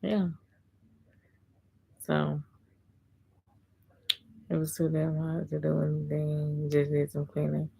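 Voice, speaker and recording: Hosting a casual livestream, a low-voiced, gravelly woman chats with viewers, reading their comments aloud and responding. She speaks slowly with little pitch movement and long pauses, over loud music, in a low-quality recording.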